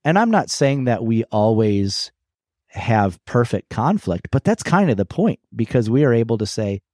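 A man's voice: medium pitch, very animated, moderate pace, darkish tone, no room sound, studio quality. A middle-aged man co-hosting a podcast, telling personal stories in a reflective, candid way with frequent restarts. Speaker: podcast co-host. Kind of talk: casual conversational podcast chat.

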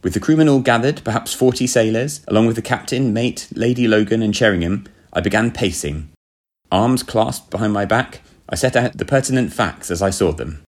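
A man's voice: fairly low pitch, brisk. A man reading a story as a first-person diary, with a pompous, self-satisfied manner. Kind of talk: scripted first-person narration.

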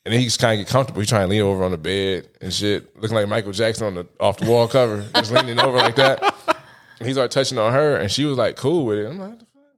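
A podcast guest in his thirties tells a story in casual chat, acting out his own reactions and laughing often. His voice sits on the low side, and he races along with few pauses.

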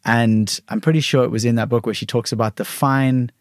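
A male podcast host, mid-pitched, speaks in a thoughtful, searching way, often doubling back and restarting his phrases as he works through an idea out loud. His voice sits close and dry, with almost no room sound around it. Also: fairly even intonation, brisk, no echo. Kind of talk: reflective conversational storytelling.

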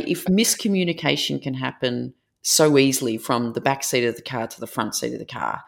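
A woman author and presentation trainer, a guest in an interview, telling stories in a lively way with frequent fillers. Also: a bass voice, fairly quick, vocal fry, hardly any pauses. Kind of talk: interview conversation.

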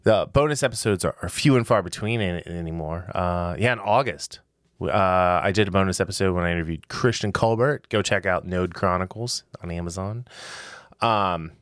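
A man's voice: deep voice, moderate pace, fairly bright tone, dry recording, studio quality. A man hosting a podcast in casual chat, rambling and joking with frequent restarts. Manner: joking, rambling, self-interrupting. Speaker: podcast host.

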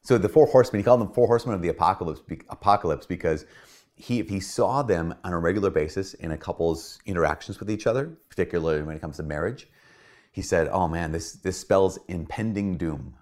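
A man, a priest, giving a casual teaching talk in a conversational, animated way. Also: deep voice, fast talker. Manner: conversational, animated, acts out quoted voices. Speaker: Catholic priest.

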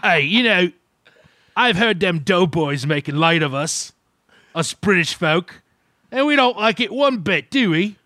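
Dude putting on a pompous fake brit, old-timey phrasing, pitched way up. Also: male voice, expressive, unhurried, pushed and bright, full character voice. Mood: mocking. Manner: old-fashioned parody phrasing. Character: pompous mock British man, adult.

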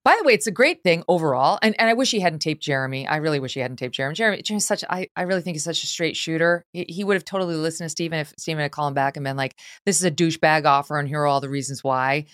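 A middle-aged woman hosting a talk podcast, chatting in an animated, opinionated way with quick asides. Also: low voice, dry recording, studio quality. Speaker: podcast host.

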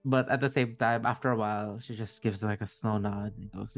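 A man's voice: on the low side, fairly even intonation, brisk, soft background music. A man narrating a tabletop game as game master, rambling with many fillers.

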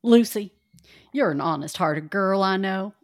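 An earnest, gallant young cowboy courting a lady, as a woman puts him on. His drawl is folksy, and the voice sits a little low and close in a dry, dead room. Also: lively intonation, a little slow, no room sound, close to an everyday voice.

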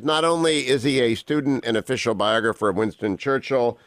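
A man hosting a radio talk show, opening with booming, theatrical greetings and interviewing his guest. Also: lively intonation, brisk, hardly any pauses, a bit bright, dry recording, soft background music.

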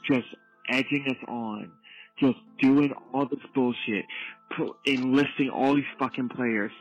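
A man's voice: mid-range voice, fairly bright tone, low-quality recording. A man leaving a swearing, exasperated voicemail rant as a caller.

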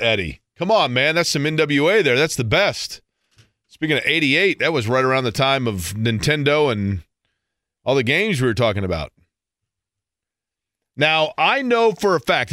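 Guy hosting sports radio, dry studio mic, gets animated telling stories. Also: a little high, no room sound. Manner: storytelling, animated in quoted bits. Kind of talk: casual radio talk.

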